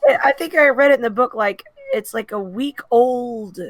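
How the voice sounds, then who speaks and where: A woman co-hosting a book podcast, chiming in with quick reactions and casual comments. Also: fairly high pitch, no room sound. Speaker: podcast co-host. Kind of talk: casual chat.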